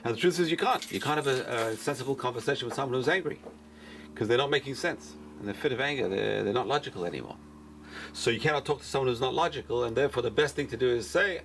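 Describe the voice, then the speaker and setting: A rabbi lectures to a small class at a rapid clip. He drives points home by saying them twice, over a faint hiss in the background. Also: mid-range voice. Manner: repeats key phrases for emphasis, animated. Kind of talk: lecture-style Torah class.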